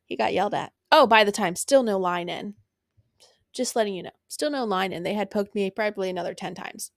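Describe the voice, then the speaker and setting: A young podcast host tells a personal story in a loose, unfiltered way, blunt and profane, laughing as she goes. Her mid-pitched voice has a gravelly fry and moves fairly quickly, recorded dry and close with no echo.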